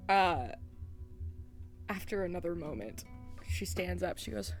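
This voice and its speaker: A woman's voice: on the low side, animated, unhurried, long pauses, soft background music. A woman running a tabletop game, narrating in a casual way that is full of fillers. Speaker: game master.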